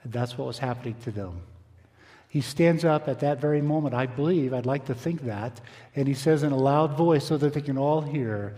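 A man preaching a sermon, reading scripture aloud and slowing down for emphasis. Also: medium pitch, warm tone, big-room sound. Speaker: pastor.

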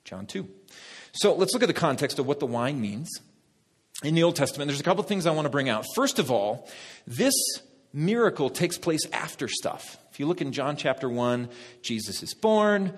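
A male pastor preaching a sermon, lively, talking directly to the congregation. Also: on the high side, moderate pace. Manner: lively, talks to the congregation, laughs at own jokes. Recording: long reverb of a hall.

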